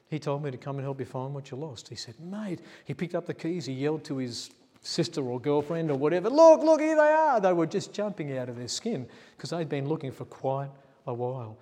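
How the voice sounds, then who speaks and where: A man's voice: mid-range voice, moderate pace, darkish tone. A male pastor, telling a story in a sermon and acting out the quotes in a chatty way. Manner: chatty, acts out quotes, laughs at himself. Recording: long church reverb.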